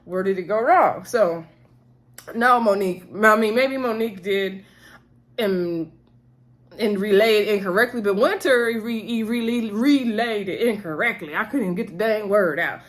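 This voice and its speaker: A woman hosting a casual reality TV recap, chatty and sassy, acting out the cast members' lines in quick voices. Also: mid-range voice. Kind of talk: casual chat.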